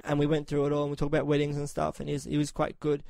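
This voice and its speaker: A man's voice: fairly high pitch, very fast, vocal fry. A man hosting a podcast, telling a long profane anecdote in casual chat and acting out the other people in it. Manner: profane, animated anecdotes with quoted voices. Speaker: podcast host.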